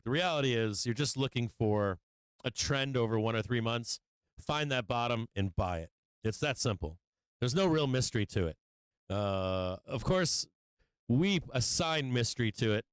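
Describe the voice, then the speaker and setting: Male trading-stream host, casual and rambling, profane venting, smooth voice, dry close sound. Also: medium pitch, dry recording, rough recording. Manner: profane, venting frustration, laughing at himself; rambling with fillers and restarts. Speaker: livestream stock trading host. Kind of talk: casual live-stream market talk.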